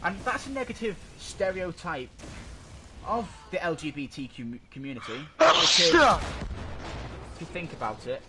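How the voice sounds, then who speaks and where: A man's voice: high-pitched, big pitch swings, a little slow. A man co-hosting a casual podcast, arguing his opinions in a rambling way and often stopping to search for words. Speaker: podcast co-host. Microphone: desk microphone. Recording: noisy amateur podcast recording.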